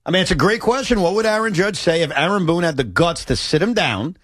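Sports radio guy, lively swingy voice, kinda high, dry close mic. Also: fast talker, no room sound. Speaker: sports talk host. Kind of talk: sports talk radio chat.

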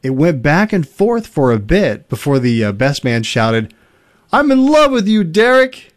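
A man hosting a casual chat, reading listener stories aloud in an easygoing way, with chuckles and fillers. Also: mid-range voice. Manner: relaxed storytelling with fillers and chuckles.

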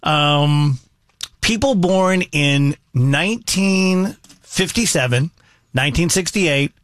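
Deadpan man in his fifties. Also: fairly high pitch, slow, no room sound. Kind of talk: casual radio banter.

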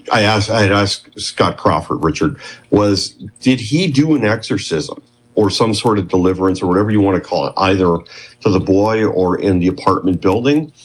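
A man's voice: fairly low pitch, lively intonation, normal speed, a little hiss or hum, poor audio. A man in his fifties, a guest on an interview show, telling a long story in a rambling, self-interrupting way.

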